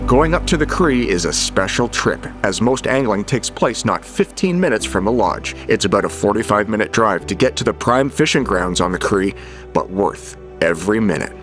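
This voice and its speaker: A man, the host of a fishing show, reading a steady, matter-of-fact scripted voice-over. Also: on the low side, moderate pace. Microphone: studio voice-over. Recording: narration over loud music.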